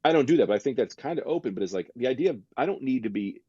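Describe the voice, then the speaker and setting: A man's voice: medium pitch, expressive, very fast, warm tone, breathy edge, dry recording, dull audio. A man co-hosting a podcast, joking bluntly in casual chat. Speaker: podcast co-host.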